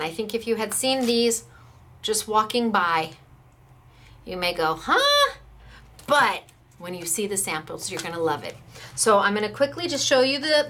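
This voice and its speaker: A woman's voice: medium pitch, fairly bright tone, slight background noise. An American woman who runs a craft shop, chatting enthusiastically as she demonstrates stamps and dies and gushes over the samples.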